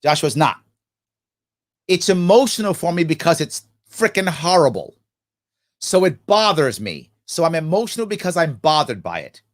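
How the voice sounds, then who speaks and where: A man's voice: fairly high pitch, sing-song, normal speed. A middle-aged man hosting a live question-and-answer stream, reading viewer questions aloud and answering them with passion. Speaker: host. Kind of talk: live Q&A livestream.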